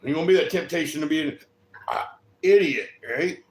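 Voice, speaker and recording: A man's voice: fairly high pitch, fairly quick. A man with a slightly raised voice rambles casually and swears freely. He keeps tossing in "right?" as he talks. His voice bounces around an echoey room. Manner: profane, keeps asking "right?". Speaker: vlogger.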